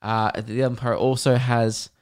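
A man voicing a polite young female phone store clerk who answers quietly and carefully without committing to anything. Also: medium pitch, level tone, moderate pace, close to an everyday voice. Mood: cautious.

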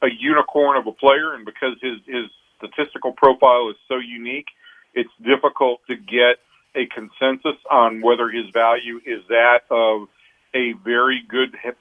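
A man, a baseball reporter, analyzing a player in a radio phone interview, often restarting his sentences. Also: mid-range voice. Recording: tinny phone line.

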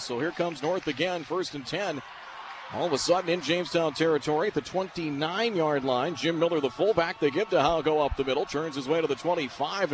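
A man calling a football game as play-by-play announcer on radio, rattling off yard lines quickly and shouting on big plays. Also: on the high side. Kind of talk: radio sports commentary. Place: stadium broadcast booth. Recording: radio broadcast with steady noise.

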